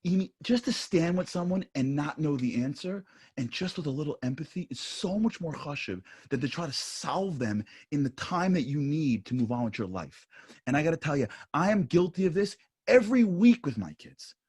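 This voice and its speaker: A man speaking at a panel discussion, talking emphatically and shifting between intense points and soft asides. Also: on the high side, sing-song, normal speed, breathy edge. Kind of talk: impassioned panel talk.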